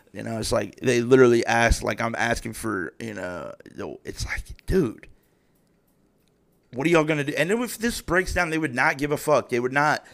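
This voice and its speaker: A man in his thirties rants on his own podcast in a heated, casual way. He swears in nearly every sentence and stumbles through restarts as his frustration builds. His voice sits at an ordinary mid pitch. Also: creaky. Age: 30s. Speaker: podcast host. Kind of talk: profane casual rant.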